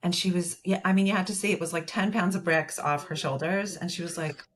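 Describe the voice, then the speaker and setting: A woman's voice: lowish voice, steady tone, a little fast. A woman therapist who is a podcast guest, explaining things at length with many fillers and acting out the dialogue from a client story. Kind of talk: conversational podcast interview.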